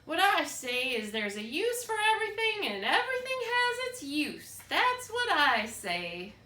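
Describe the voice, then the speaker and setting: A woman's voice: high-pitched, wildly swooping pitch, a little slow, echoey room, voice pushed up, heavily acted. Woman doing a bossy old countrywoman. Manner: loud, folksy, emphatic.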